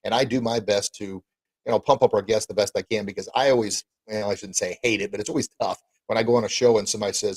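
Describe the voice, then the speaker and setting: Energetic man hosting a podcast. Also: fairly low pitch, fast talker, slightly rough, dry recording. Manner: energetic, encouraging, repeats words. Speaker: podcast host. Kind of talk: casual podcast interview.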